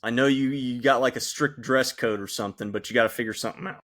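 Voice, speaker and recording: A man co-hosting a casual podcast, chatty and quick to laugh while telling stories. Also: mid-range voice, steady tone, a bit bright. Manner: chatty, laughs often, storytelling. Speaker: podcast co-host. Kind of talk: casual chat among friends.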